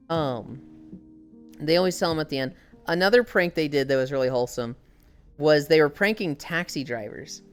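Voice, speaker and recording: Woman, streamer, casual chat, swears a lot, lively storyteller, lowish pitch. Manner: swears freely, animated storytelling. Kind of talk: casual chat while walking.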